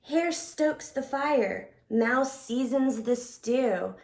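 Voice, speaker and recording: High-voiced librarian reading to children. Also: female voice, drawn-out words, gravelly. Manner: expressive, playful. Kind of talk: picture book read-aloud. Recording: echoey room.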